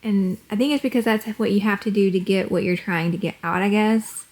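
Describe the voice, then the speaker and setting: A woman's voice: mid-range voice, brisk. A woman vlogging at home on a handheld camera, chatty, prompting her daughter with questions. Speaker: family vlogger, single mom. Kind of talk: casual chat.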